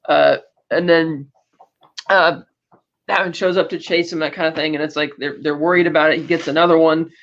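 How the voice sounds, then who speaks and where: Slightly high-voiced man retelling a movie plot on a podcast, loose and rambling with fillers and restarts, dropping into quick character voices. The audio is dull and lo-fi. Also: fairly even intonation, a bit bright. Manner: acts out character quotes. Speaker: podcast host. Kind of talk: casual film recap.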